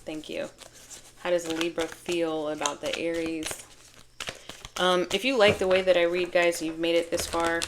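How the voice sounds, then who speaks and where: A woman's voice: fairly low pitch, flat delivery, moderate pace, noisy background. A woman giving a casual tarot reading to her viewers, chatty, laughing often and breaking off mid-sentence. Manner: chatty, laughing, self-interrupting. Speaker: tarot reader.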